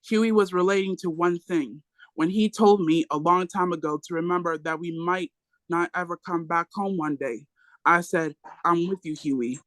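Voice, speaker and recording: A reader delivers a memoir aloud for a book club in a bright, ringing voice. The delivery is emphatic, with salty asides thrown in. The sound is dry and close. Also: medium pitch, steady tone, normal speed, dry recording, low-quality recording.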